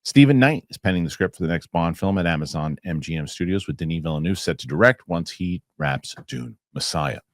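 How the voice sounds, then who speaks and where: Deep-voiced man hosting a podcast. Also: animated, a little fast, few pauses, dry recording, clean studio sound. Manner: reads news items aloud, then chats. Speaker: podcast host. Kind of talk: casual podcast chat.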